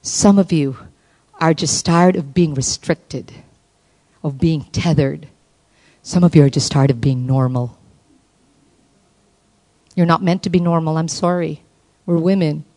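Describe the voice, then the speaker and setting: A woman preaching a sermon at a women's conference, passionate, swinging from soft low appeals to high exclaiming calls. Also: unhurried, long pauses.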